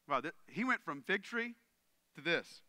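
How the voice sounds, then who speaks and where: A man preaching a sermon with a high, very bright and ringing voice. His delivery is earnest and conversational, and he often turns to the crowd to check they are with him. The sound is clean and close, with no room echo. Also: very animated, unhurried. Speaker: pastor.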